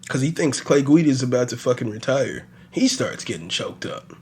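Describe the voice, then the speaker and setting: A man hosting a podcast, recapping fights in a casual, animated and profane ramble full of fillers. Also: mid-range voice, normal speed, husky. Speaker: podcast host. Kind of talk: casual solo sports recap.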